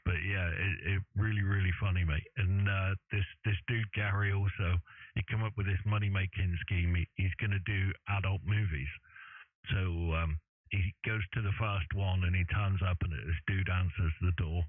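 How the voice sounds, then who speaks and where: A man's voice: sits low, steady tone, moderate pace, no room sound. Chatty man on tinny radio. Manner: rambling storyteller, many fillers. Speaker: ham radio show host. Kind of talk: casual chat over radio. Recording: dry, phone-like radio audio.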